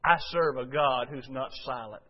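A man's voice: mid-range voice, normal speed. A man preaching a sermon to a congregation, folksy and conversational, full of rhetorical questions. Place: church before a congregation. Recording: dull lo-fi recording.

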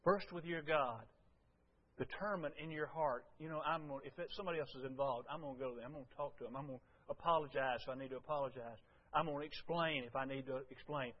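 A man preaching a folksy, storytelling sermon to his congregation, swinging from loud to hushed. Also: on the high side, fast talker, muffled recording. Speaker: pastor.

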